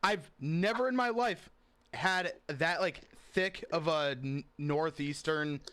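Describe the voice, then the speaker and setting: A man's voice: fairly high pitch, takes it slowly, pushed and bright. A man from Rhode Island co-hosting a casual horror movie discussion, joking and swearing. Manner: joking, profane, mocks voices. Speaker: podcast co-host.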